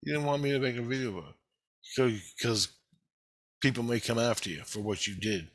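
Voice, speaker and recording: A man's voice: mid-range voice, a little fast, pauses often, fairly bright tone. A man talking in a rambling personal video monologue, heated and heavily profane. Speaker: vlogger.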